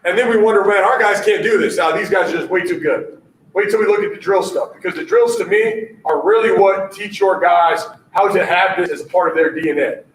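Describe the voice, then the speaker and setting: High-pitched coach guy giving a talk, keeps saying all right, echoey hall, faint hiss. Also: fairly quick. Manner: energetic, punchy, repeats catchphrases, keeps asking "all right?". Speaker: basketball coach presenting at a conference. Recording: echoey room audio from a distance.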